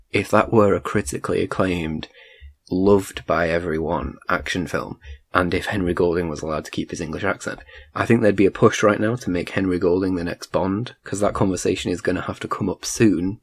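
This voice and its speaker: A man's voice: low-pitched, breathy edge. A man casually reviewing a film in a chat, rambling with frequent restarts. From United Kingdom.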